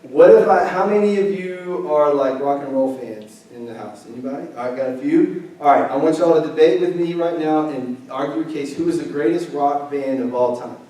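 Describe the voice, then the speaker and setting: A man's voice: fairly high pitch, a little fast, hardly any pauses, mellow. A young man, preaching a casual, joking sermon and bantering with his congregation. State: weak from illness. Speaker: pastor. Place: church sanctuary. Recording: echoey sanctuary, mic from far off.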